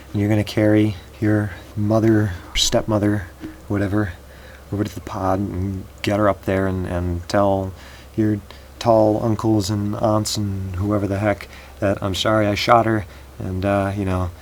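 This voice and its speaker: A man voicing a desperate young hero giving hurried, terse orders in a spoken story. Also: fairly low pitch, little pitch movement, a little hiss or hum, natural voice. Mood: urgent.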